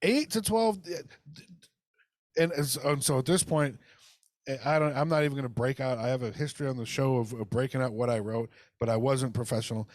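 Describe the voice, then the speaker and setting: A man's voice: medium pitch, fairly even intonation, fairly quick, a little mellow, no room sound, clean studio sound. Angry profane man ranting on a podcast. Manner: heated, profane storytelling, acts out phone calls. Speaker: podcast co-host. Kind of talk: casual ranting podcast chat.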